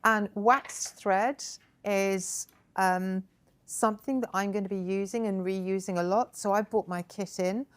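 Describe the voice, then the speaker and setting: Woman, craft workshop host, chatty, encouraging, middle pitch. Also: steady tone, a little slow. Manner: encouraging, chatty, praising often. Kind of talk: hands-on craft tutorial. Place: indoor crafting table.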